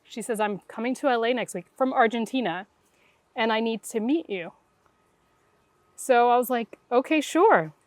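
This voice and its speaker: Dry-sounding woman telling a lively story. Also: a little high, normal speed, long pauses, dry recording. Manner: animated, acts out quoted dialogue. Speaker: guest intuitive. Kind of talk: conversational storytelling.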